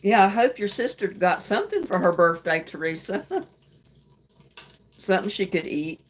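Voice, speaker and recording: A middle-aged woman hosting a casual late-night livestream chat, greeting viewers and talking about her day in a homey way with soft laughs. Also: medium pitch, lively intonation, measured pace. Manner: chatty, homey, laughs softly between remarks. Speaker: livestream host. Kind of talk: casual live chat reading comments.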